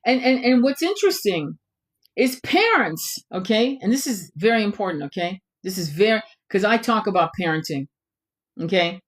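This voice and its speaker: A woman's voice: medium pitch, very animated, normal speed. A middle-aged woman hosting her own channel, delivering a blunt, profanity-laced rant straight to camera. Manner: blunt, swearing, ranting. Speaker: tarot channel host. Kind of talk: impassioned monologue to camera.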